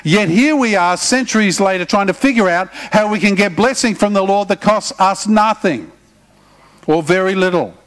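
A middle-aged man preaching, his voice pitched high for a man. He talks to the congregation in a relaxed, conversational way and slips in humorous asides. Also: normal speed. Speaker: pastor. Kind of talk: sermon.

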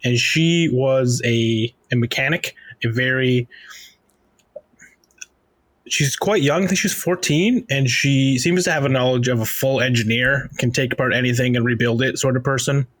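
A man's voice: mid-range voice, normal speed, a bit bright, no room sound. Chatty man, dry close sound. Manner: chatty, laughs often between remarks. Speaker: podcast co-host. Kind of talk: casual book discussion.

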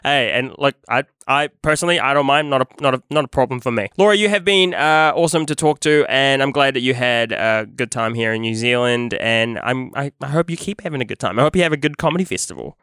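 Bright, smooth-voiced male radio host. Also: medium pitch, quick pace, few pauses, no room sound, clean studio sound. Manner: playful, teasing. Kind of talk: radio interview.

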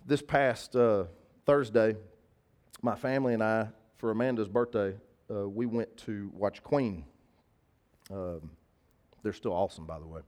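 A man's voice: lowish voice, measured pace, pauses often, a little mellow. A man preaching a sermon, telling a personal story in a conversational, emphatic way and repeating key phrases. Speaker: pastor.

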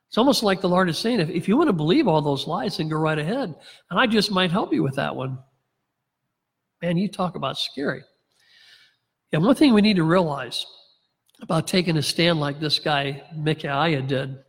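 Male pastor, sermon delivery, slightly high voice, sarcastic wit, reverberant hall. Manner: reads scripture aloud, plays characters' lines with wry sarcasm and chuckles.

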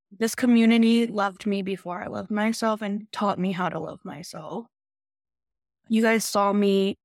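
A woman's voice: medium pitch, no echo. Confessional woman, dry close voice. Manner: open, confessional. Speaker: podcast participant. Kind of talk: candid recovery chat.

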